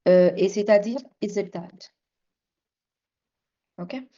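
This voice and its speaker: A woman's voice: medium pitch, takes it slowly, mellow. A middle-aged woman teaching French in an online class, switching between English and French. She explains step by step, patiently. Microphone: video call. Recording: slightly dull lo-fi call audio.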